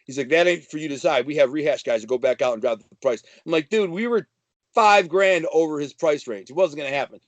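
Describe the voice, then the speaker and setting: A man's voice: a little high, fast, no room sound. A man telling a wild story in casual, brash, slangy talk. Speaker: guest telling prison-life stories.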